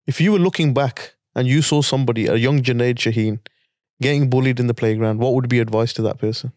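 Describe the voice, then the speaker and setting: A man hosting a podcast, asking his guest questions in a relaxed, joking way. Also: medium pitch, fast, no echo, clean studio sound. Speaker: podcast host, boxing coach. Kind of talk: interview questions.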